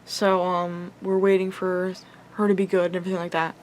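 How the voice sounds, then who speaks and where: A woman's voice: fairly low pitch, flat delivery, fairly quick, a little mellow, a little hiss or hum. A young woman vlogger telling an upsetting story in a casual, rambling way, full of "like" and swearing. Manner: rambling, heavy use of "like" and swearing; emotional, upset retelling.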